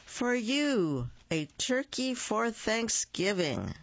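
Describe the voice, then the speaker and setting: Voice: medium pitch, big pitch swings, takes it slowly, fairly bright tone, dry recording, dull audio, voice pushed up, heavily acted. A storybook reader voicing a kind, devoted male moose who keeps his promises, in a raised, eager voice. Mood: cheerful. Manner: eager, calling out cheerfully.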